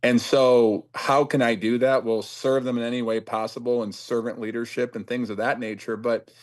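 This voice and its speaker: A man from Cleveland, a football coach, answering interview questions in a thoughtful and measured way. His voice sits at an ordinary middle pitch for a man, and he speaks earnestly. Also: little pitch movement. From Cleveland, USA.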